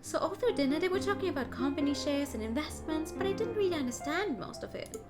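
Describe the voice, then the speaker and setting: A woman's voice: high voice, lively intonation, quick pace, over loud music, pitched above the performer's own voice. A woman voicing a naive young bird noblewoman. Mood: excited.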